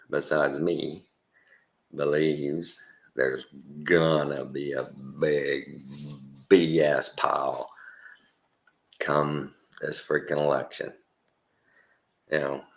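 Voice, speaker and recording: A man with a Texan accent and an extremely deep, low voice talks through a casual opinion monologue. He rambles and chuckles, and he repeats words to hammer a point home. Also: fairly bright tone, muffled recording. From Texas. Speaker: commentary host.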